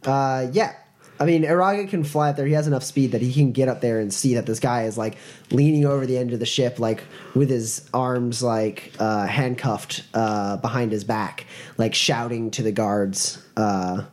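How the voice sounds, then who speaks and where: A man narrating as game master of a tabletop role-playing game, relaxed and chuckling, with many fillers. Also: medium pitch, normal speed.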